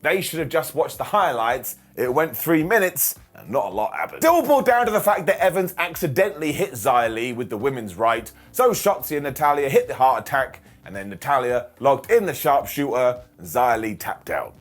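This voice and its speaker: Sarcastic guy recapping wrestling, husky voice, bouncy up and down delivery, bit of music behind. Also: mid-range voice, very animated. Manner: jokey, sarcastic, quick mock impressions. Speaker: wrestling show reviewer. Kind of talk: comedic recap monologue.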